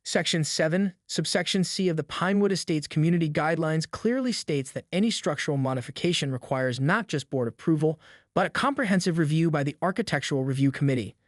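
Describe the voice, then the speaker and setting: Casting: a man doing a domineering HOA board woman, cutting and proclaiming, higher voice, dry close sound. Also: fast talker, no echo, natural voice.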